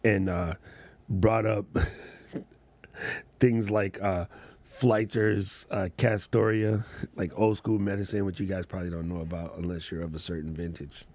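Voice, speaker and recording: A man's voice: deep voice, level tone, a little slow, darkish tone, no echo. A man hosting a casual livestream chat as a content creator, laid-back and slangy, laughing often.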